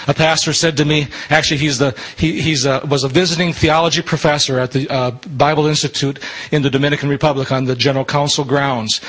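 A man leading a disability ministry, giving an earnest church talk, slowing down to stress his points. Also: on the high side, steady tone, a bit bright, rough recording.

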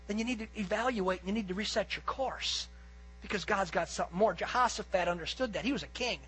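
Male pastor, very high, bright and slightly husky voice, sermon delivery, emphatic rises and quiet asides. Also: quick pace, rough recording. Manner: earnest and emphatic, swinging between loud peaks and quiet asides.

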